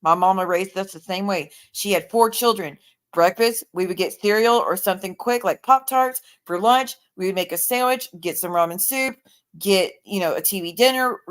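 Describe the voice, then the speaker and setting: A woman chatting casually on her livestream, blunt, profane and openly sarcastic. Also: mid-range voice.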